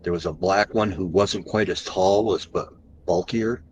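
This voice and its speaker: A man as a podcast guest, recounting an encounter story animatedly and slowing down for the tense moments. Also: sits low, darkish tone, slight background noise, rough recording.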